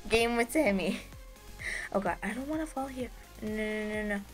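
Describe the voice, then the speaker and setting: A woman giving casual, excitable gameplay commentary as host of her gaming channel, giggling and squealing with delight. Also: a little high, normal speed, faint music behind.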